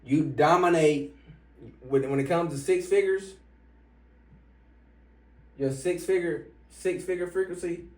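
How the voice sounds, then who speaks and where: A man's voice: a little high, measured pace, pauses often. Profane, emphatic man coaching on money mindset. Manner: profane, emphatic, bursts louder on key points. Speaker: online business coach. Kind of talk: motivational money-mindset talk. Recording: roomy, from some distance.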